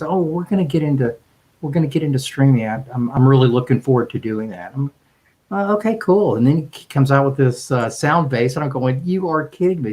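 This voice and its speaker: A man's voice: medium pitch, a little mellow, low-quality recording. A man telling a rambling, enthusiastic story as a guest on a video call, with frequent restarts. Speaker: guest, music streaming executive.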